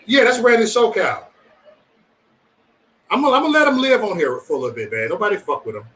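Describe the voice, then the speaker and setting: A man's voice: high-pitched, fast talker, far from the mic, poor audio. A man hosting a casual livestream, chatting loosely and profanely with his viewers. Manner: loose, profane, animated banter with chat. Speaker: livestream host.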